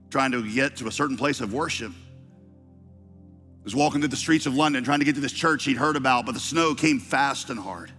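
A man's voice: medium pitch, sharp tone. A male preacher tells a story from the pulpit, his mid-range voice rising with fervor as he reads. The sound carries a long hall reverb with faint music behind it. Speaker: pastor. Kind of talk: sermon.

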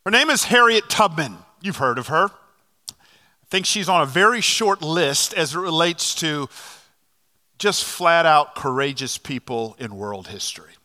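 Pastor mid-sermon, a man with a bright, forceful voice and animated storytelling, echoing through a big church. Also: on the high side, measured pace. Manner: animated storytelling with fillers and restarts. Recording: long hall reverb.

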